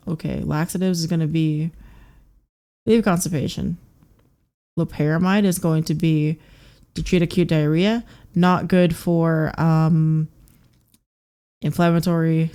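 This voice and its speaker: Woman streamer, low-pitched voice, halting muttered study reading, filler-heavy. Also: steady tone, mellow. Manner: mutters terse drug facts, halting with fillers. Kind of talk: live study stream, reading flashcard answers aloud.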